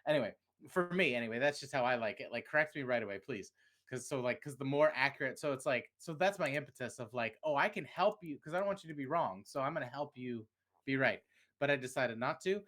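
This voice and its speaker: A man's voice: mid-range voice, animated, fast, fairly bright tone. A podcast co-host, a man whose Southern US accent comes through. He talks in long, winding stories, stops and restarts mid-thought, and laughs a lot. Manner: rambling, self-interrupting, laughs often. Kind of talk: casual chat.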